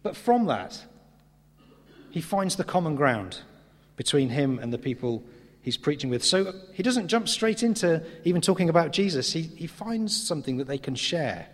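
A man preaching a sermon in a church, earnest and emphatic, with slow pauses for stress. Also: a little high, animated. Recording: reverberant hall.

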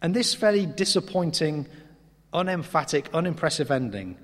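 A man delivers an earnest sermon in a church, his voice slightly husky. He leans on key words and slows down for emphasis. The sound rings out with a long hall reverb. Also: fairly high pitch, very animated, a bit bright. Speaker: preacher.

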